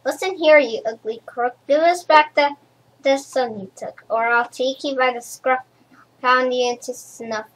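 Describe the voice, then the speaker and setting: A big male bear from a children's storybook scolds and threatens a thief, as a woman reads his lines aloud. The voice is high-pitched and unhurried. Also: rough recording. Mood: angry.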